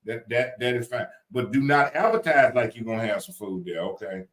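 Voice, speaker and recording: A man's voice: mid-range voice, brisk, a bit bright, echoey room. A man with a Louisiana country accent in casual chat, playful and emphatic, repeating his points.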